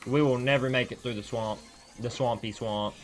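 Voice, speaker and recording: A man streaming a video game, talking to his viewers in loose, casual commentary. He bursts into excited, foul-mouthed reactions. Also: medium pitch, normal speed.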